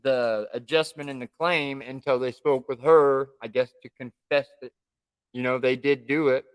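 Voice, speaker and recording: A man's voice: medium pitch, fairly even intonation, normal speed, clear, resonant tone. A man co-hosting a casual live stream from home, chatting in an easygoing, rambling way. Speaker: livestream co-host.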